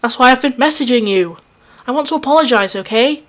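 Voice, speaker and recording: A woman voicing a cocky, sarcastic alien girl who talks brashly and loudly. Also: high voice, animated, a little fast.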